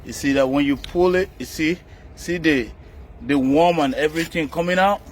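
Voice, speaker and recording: A man with a fairly high voice walks a listener through using a farm tool. He speaks outdoors in a coaxing, repetitive way, pointing out each step. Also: moderate pace, slight background noise. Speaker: farm demonstrator. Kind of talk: hands-on demonstration.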